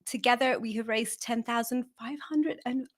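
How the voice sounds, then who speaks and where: A woman's voice: fairly high pitch, normal speed. A woman co-hosting a live stream, speaking in an earnest, chatty way with some teasing. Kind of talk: casual live-stream chat.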